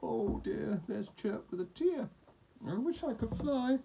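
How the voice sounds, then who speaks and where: A man voicing a small male bird in a children's storybook who longs to fly, in a high, expressive voice. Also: a little slow, vocal fry, a little hiss or hum, exaggerated voice. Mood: sad.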